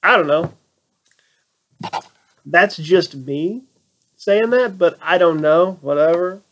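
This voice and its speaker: Sarcastic high-voiced man reviewing a movie. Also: takes it slowly. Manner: sarcastic, acts out quotes in mocking voices. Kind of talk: casual film review rant.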